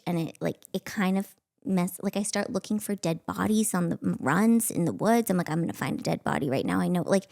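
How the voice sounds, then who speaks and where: A gravelly, slightly mellow voice on the low side belongs to a woman in her thirties hosting a podcast. She tells her story in a loose, chatty manner, teasing herself and scattering filler words throughout.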